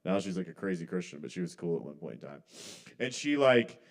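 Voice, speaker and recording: A man's voice: sits low, very animated, brisk, creaky. A man performing a rambling, conversational stand-up set at an open mic, often trailing off mid-thought. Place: live kava bar open mic.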